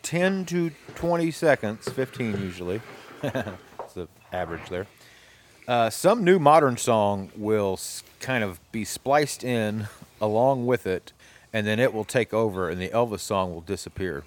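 A male radio host talking casually with friends. His pitch jumps around a lot as he jokes and laughs, keeping the chat animated. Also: measured pace.

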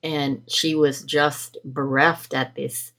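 Reflective middle-aged Canadian woman, lowish voice. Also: flat delivery, takes it slowly, fairly bright tone. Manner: reflective, laughs often mid-sentence. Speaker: guest. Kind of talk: podcast conversation.

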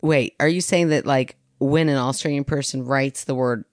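A woman's voice: extremely low pitch, moderate pace, no echo, clean studio sound. A woman co-hosting a podcast in casual chat, rambling through stories and laughing often. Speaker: podcast co-host.

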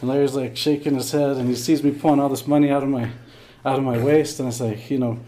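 A man's voice: mid-range voice, fairly even intonation, quick pace, warm tone. A man sits in as a guest on a podcast and tells a long bar story with plenty of restarts and repeated words. His voice sits in an ordinary middle range, and the delivery is loose and rambling. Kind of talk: casual storytelling.

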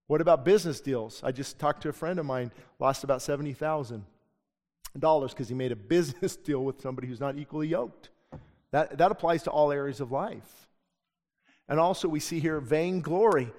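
A man's voice: fairly high pitch, brisk, a little mellow. A middle-aged male pastor preaching a sermon with passion, switching into the voices of the people he quotes. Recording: long hall reverb.

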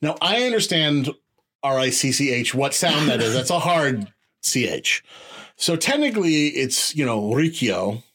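A man's voice: on the high side, very animated, measured pace, fairly bright tone, husky. Wry-joking male podcast host. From Maine. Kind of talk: casual chat.

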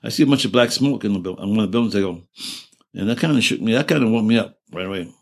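A low, deep-voiced older veteran rattles off his war service in rapid-fire, creaky speech for an oral history interview. He wanders, swears a lot, breaks off mid-sentence to begin again, and laughs at the grimmest parts.

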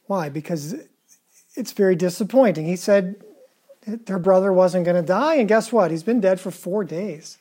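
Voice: mid-range voice, normal speed, dark tone, slightly rough. A preacher giving a conversational sermon, asking the listeners questions and retelling scripture in casual, everyday words.

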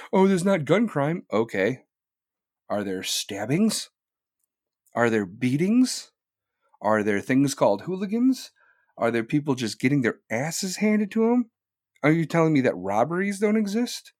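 Brief: male podcast host on a live rant, swears freely, swings his pitch wildly, dry close sound. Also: no room sound. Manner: profane, heated, rhetorical questions.

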